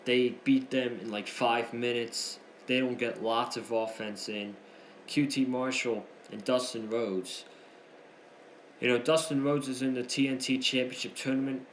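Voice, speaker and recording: Excitable man recapping wrestling, echoey room. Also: mid-range voice, slight background noise. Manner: excitable, chatty, slangy ("freaking"). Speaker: wrestling show reviewer. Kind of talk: casual recap commentary.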